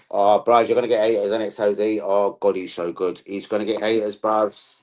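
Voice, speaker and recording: A man's voice: lowish voice, fairly quick, few pauses, a little mellow. A young man hosting a football live stream, talking in rowdy, profane slang-heavy banter.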